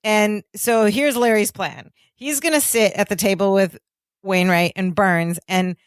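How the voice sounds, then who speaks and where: A woman's voice: mid-range voice, a little slow, smooth. A woman co-hosting a podcast, casually recapping a sitcom scene and acting out the lines she quotes. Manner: animated storytelling, acts out quoted lines. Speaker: podcast co-host.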